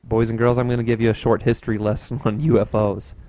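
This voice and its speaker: A man's voice: medium pitch, level tone, fast talker, mellow, a little hiss or hum. A young man co-hosting a casual podcast, rambling loosely with lots of fillers and easy laughs. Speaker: podcast co-host.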